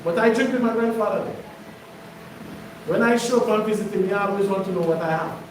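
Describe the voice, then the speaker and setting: A man's voice: high-pitched, fairly quick, slight background noise. A man preaching to his congregation, emphatic and conversational, often putting questions to the listeners. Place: congregation hall. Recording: echoey room, mic far off.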